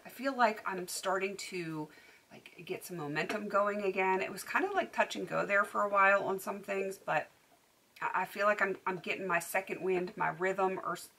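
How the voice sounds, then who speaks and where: Bright-voiced chatty woman vlogger. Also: medium pitch, normal speed. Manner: chatty, with frequent laughs and "like" fillers. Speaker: beauty vlogger. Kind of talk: casual chat to camera.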